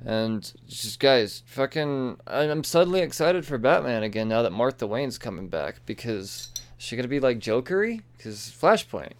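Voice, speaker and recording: A man talks through a stack of comic books in a loose, excitable ramble, cursing freely and wandering into asides. His voice is smooth and clear, at an ordinary pitch for a man. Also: normal speed, few pauses. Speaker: comic book reviewer. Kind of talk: casual profane comic review.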